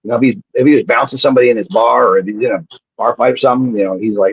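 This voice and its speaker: A husky-voiced man talks as a guest on a live show. He tells rambling, profane anecdotes and keeps restarting his sentences. The sound is dry and muffled, like a lo-fi feed. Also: medium pitch, steady tone, racing, no room sound. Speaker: guest, former pro wrestler. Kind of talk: casual storytelling on a live show. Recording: dull lo-fi sound.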